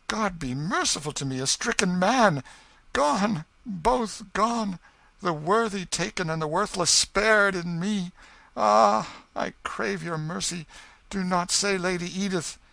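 A man reading aloud gives a passionate young knight, his voice lifted high above the narrator's own and ringing loud. He declaims in archaic phrases and swings between outcry and pleading. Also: steady tone, unhurried, gravelly, no echo, heavily acted. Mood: grief-stricken. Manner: exclamatory, archaic speech, rising to anguish. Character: impassioned young male knight, homecoming soldier.

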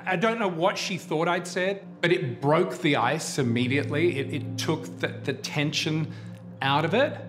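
A man's voice: fairly high pitch, measured pace. A man in his forties, a producer and advocate, candidly telling his personal story in an interview. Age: 40s. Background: music bed.

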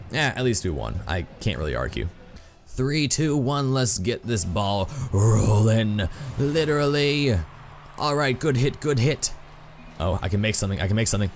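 A man doing excitable, self-mocking live commentary while playing a video game, full of exclamations. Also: on the low side. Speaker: gaming YouTuber.

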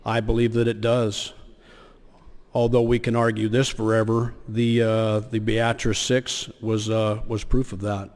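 A man's voice: on the low side, monotone, unhurried, darkish tone. A man, a state senator, giving a floor speech in a legislative chamber, hesitant with many fillers and restarts. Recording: long hall reverb.

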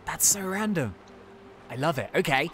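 A let's-play host chatting excitedly through gameplay, laughing often and reacting out loud. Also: mid-range voice, moderate pace, faint music behind. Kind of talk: casual gameplay commentary.

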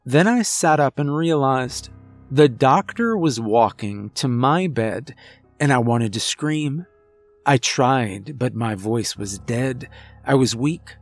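Man, horror narration, scripted, slow measured delivery, soft background music. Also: medium pitch, no room sound.

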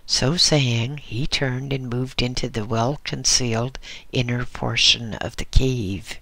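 Man, audiobook narration, very slow, measured storytelling, dry close sound. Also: mid-range voice, fairly even intonation, gravelly, pushed and bright, no room sound.

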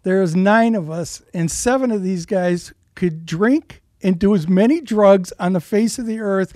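A man telling a story in a lively, profane way as a podcast guest, recorded in a showroom. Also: sits high, measured pace, no echo, studio quality. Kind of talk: casual storytelling chat. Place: rug and carpet showroom.

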